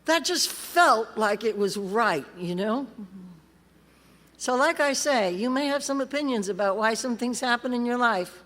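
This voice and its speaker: Middle-aged woman speaker, pitch a bit high, salty wry storytelling, long hall reverb. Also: animated, measured pace, a bit bright. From California. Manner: streetwise, wry storyteller, laughs through the story. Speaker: AA convention speaker. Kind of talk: recovery talk, personal story. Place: convention hall. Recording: live convention hall reverb.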